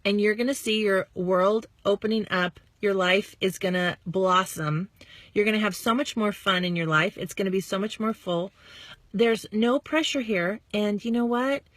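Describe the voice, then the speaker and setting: A woman's voice: mid-range voice, fairly bright tone, dry recording. Bubbly woman coaching her followers. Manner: bubbly, chatty, acts out quick quoted dialogue. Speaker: network marketing coach. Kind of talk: casual motivational talk to followers.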